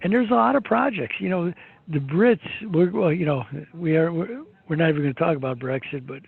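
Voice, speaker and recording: A man holds forth on markets in a rambling, opinionated way, full of restarts and fillers. His voice is husky and sits fairly high. The sound is thin and phone-like. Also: brisk, no echo. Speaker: market commentator guest. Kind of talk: casual market commentary. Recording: tinny phone-like line.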